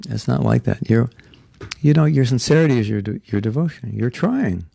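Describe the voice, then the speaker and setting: Earnest and conversational, a spiritual teacher in Alachua, Florida, leads a devotional class, often dropping into quoted voices and sounding a little congested. His medium-pitched voice is expressive, gravelly, warm, and breathy-edged at a moderate pace, with no room sound.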